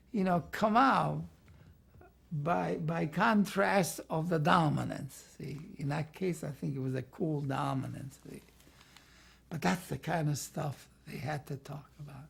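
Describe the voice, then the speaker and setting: An older man with a gravelly, husky voice, looking back on his years as an art teacher. He talks in a loose, rambling way and keeps tossing in "see" as he explains. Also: on the high side. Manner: rambling, peppers talk with "see". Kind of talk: reminiscing interview talk.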